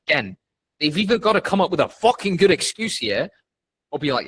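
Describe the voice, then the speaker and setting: Young guy teaching sales, husky voice, swears a lot, pretty emphatic. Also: fairly high pitch, big pitch swings, quick pace, fairly bright tone, no room sound, rough recording. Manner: blunt, profane and emphatic. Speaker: sales coach. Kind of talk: casual instructional talk.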